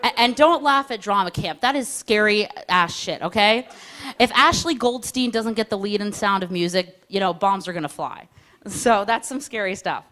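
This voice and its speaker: Young woman comic, chatty and self-mocking, telling stories on stage with quick put-on voices. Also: mid-range voice, fairly bright tone. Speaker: stand-up comedian. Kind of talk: stand-up comedy storytelling.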